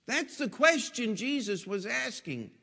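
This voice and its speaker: A man's voice: very high voice, sing-song, measured pace, gravelly, bright, forceful tone. A man pastor preaching a sermon in a folksy storytelling way, asking rhetorical questions, in a church. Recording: long echoing hall reverb.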